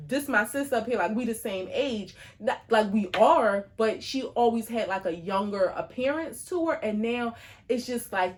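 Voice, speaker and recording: Casting: woman podcast co-host, chatty and animated, filler-heavy casual talk. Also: on the high side. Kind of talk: casual chat.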